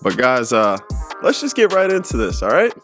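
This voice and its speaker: A man's voice: mid-range voice, wildly swooping pitch, moderate pace, music in the background. A man hosting a reaction video, talking in casual slang and repeating himself for emphasis.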